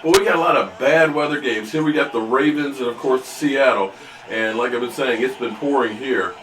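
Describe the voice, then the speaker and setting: A man's voice: mid-range voice, a little fast, fairly bright tone, roomy sound, distant mic, slight background noise. A man hosting a casual live stream, joking with his chat and scolding trolls. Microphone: desk microphone.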